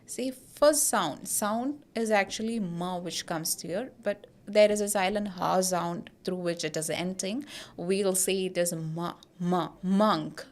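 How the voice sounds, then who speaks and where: Woman, pronunciation teacher: slow, measured delivery that keeps checking the listener has it. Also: medium pitch. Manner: repeats words and checks in with "okay?" and "got it?". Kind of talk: slow, deliberate classroom explanation.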